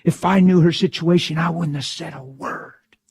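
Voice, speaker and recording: A middle-aged man preaching a sermon, telling a story with dramatic swings from hushed tones to loud outbursts. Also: fairly high pitch, steady tone, moderate pace, breathy edge.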